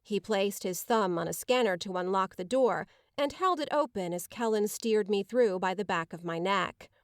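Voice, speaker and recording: A woman reads a dark romance audiobook in the first person, with measured, dramatic pacing. Her voice sits at a mid pitch, and the recording is dry and close with no room sound. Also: dry recording. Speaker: audiobook narrator. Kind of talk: first-person scripted narration.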